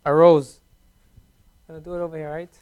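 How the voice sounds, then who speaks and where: High-voiced man teaching a class. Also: level tone, smooth, phone-quality sound. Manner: patient, repeats words slowly for students. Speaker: Arabic teacher. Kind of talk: classroom language lesson.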